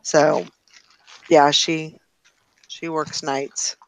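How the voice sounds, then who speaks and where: A woman hosting a casual group chat on a live call, talking in a relaxed, rambling way with plenty of fillers. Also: low-pitched, very slow, smooth, low-quality recording. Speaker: host.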